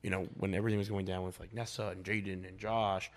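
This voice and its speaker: A man's voice: deep voice, little pitch movement, fast talker. A young man chatting casually as a podcast guest, rambling and blunt, with lots of filler words and swearing. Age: young adult.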